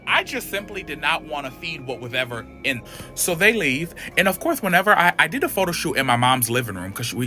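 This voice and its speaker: Animated, foul-mouthed male storyteller, quick and bright. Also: medium pitch. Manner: animated, profane, acts out quotes. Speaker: storyteller in a played clip. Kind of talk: casual storytime.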